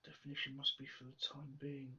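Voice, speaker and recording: A man solving a crossword aloud, musing slowly with half-whispered asides. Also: mid-range voice, completely flat delivery, bright, forceful tone, husky, far from the mic. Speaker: crossword solver. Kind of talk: thinking aloud while solving. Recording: slightly dull lo-fi sound.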